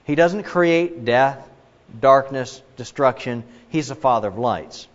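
A man's voice: mid-range voice, animated, slow. A man preaching a sermon in an emphatic way, with many asides and restarts. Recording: muffled, with long reverb in a large hall.

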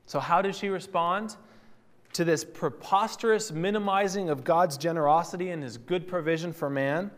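A man's voice: high voice, moderate pace. A man teaching a sermon in a conversational, teacherly way, with fillers and self-corrections. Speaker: Bible teacher. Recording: long hall reverb.

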